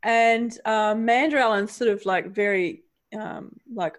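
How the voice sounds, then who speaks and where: Animated woman retelling a story. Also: mid-range voice, takes it slowly. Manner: animated, laughs often, retells the story with feeling. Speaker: podcast co-host. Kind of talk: casual book discussion.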